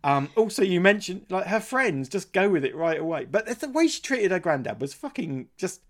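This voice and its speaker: A woman's voice: lowish voice, sing-song, moderate pace. A woman co-hosting a podcast, musing curiously in casual chat and picking apart how the story's world works. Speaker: podcast co-host. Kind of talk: casual film review chat.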